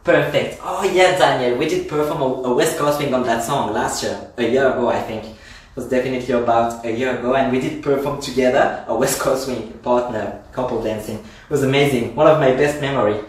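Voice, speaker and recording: A man's voice: mid-range voice, fairly even intonation, brisk. A man from France with a French accent, teaching a line dance class from home in a chatty, effusive way and counting the steps aloud. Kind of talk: live-streamed dance class. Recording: roomy echo, mic at a distance.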